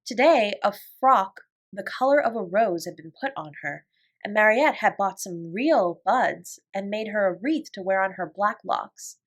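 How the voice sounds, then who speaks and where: A woman narrating a classic children's novel as a bedtime story, in an expressive storytelling voice. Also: mid-range voice, measured pace. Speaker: audiobook reader.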